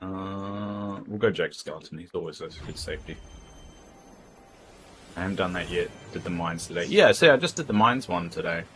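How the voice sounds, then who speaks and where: A man's voice: deep voice, animated, moderate pace, fairly bright tone, a little hiss or hum. A man chatting casually and frankly while streaming a game, rambling from thought to thought. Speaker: livestreamer. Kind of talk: casual gameplay chat.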